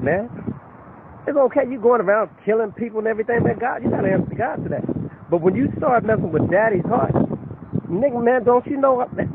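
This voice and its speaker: A man acting out a fed-up father in his fifties or older, phoning the man who wronged his grown son. The voice sits high and jumps all over the place, pleading one moment and threatening the next, with "man" at the end of nearly every phrase. It sounds thin and tinny, with wind and outdoor street noise behind it. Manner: streetwise slang, repeats "man" constantly; swings between pleading and threatening. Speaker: actor in a short comedy film. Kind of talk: improvised one-sided phone monologue. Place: outdoors near a building site.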